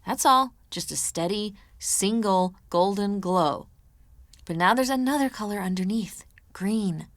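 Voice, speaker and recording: A woman narrating an audiobook, voicing an earnest, emotional young woman who talks in a hushed, hesitant way. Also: medium pitch, unhurried, no echo, clean studio sound, close to an everyday voice. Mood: tentative. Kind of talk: audiobook character voice.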